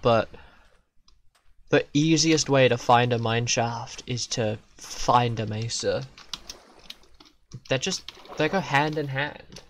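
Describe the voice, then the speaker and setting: A man streaming a video game, giving casual commentary that swings from loud, profane yelps to quiet muttering. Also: mid-range voice.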